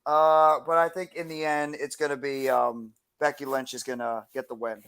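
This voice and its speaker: A man co-hosting a casual wrestling chat, giving his picks in a measured, reasoned way. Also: mid-range voice, level tone, fairly bright tone, clear, resonant tone. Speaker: podcast co-host.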